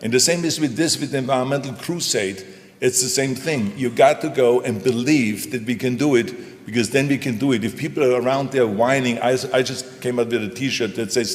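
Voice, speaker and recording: In an echoey hall, an older former governor speaks as the guest in an onstage conversation. His voice is mid-range and his speed normal, and he's folksy and emphatic, pounding on short, punchy phrases.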